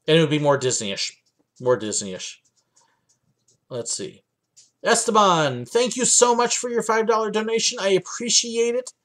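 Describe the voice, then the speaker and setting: A man's voice: high-pitched, a bit bright. A young man from the United States hosting a livestream Q&A from his home office, chatting casually with lots of ums and uhs. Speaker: livestream host answering viewer questions.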